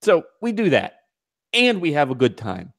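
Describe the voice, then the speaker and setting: A man hosting a casual podcast, animated and laughing, with mock exasperation. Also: fairly high pitch, moderate pace, gravelly, no room sound, studio quality. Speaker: podcast host.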